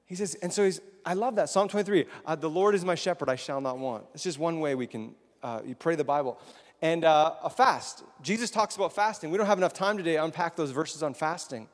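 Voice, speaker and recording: Speaking a little fast in a higher-pitched voice, a man delivers a casual sermon to a congregation and poses questions to them. Long hall reverb echoes through the large space.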